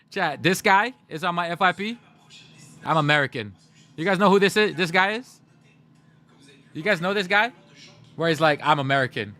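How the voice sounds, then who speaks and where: A man's voice: high-pitched, animated, unhurried, pauses often, bright, forceful tone. A man livestreaming, chatting casually with his viewers, addressing the chat directly and laughing often.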